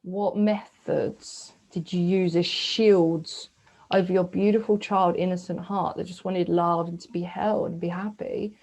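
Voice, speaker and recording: A woman guides her listeners through a reflective coaching session. Her voice is soft and searching, with long pauses and breathy sighs. She keeps turning questions back to the listener with a gentle 'hmm?'. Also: lowish voice, steady tone, rough recording. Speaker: spiritual coach. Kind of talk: guided self-reflection talk.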